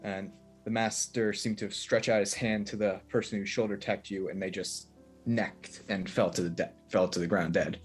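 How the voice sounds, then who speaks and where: A man playing a tabletop game, narrating events in a halting way with fillers. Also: lowish voice, fairly even intonation, slightly rough, faint music behind. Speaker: player.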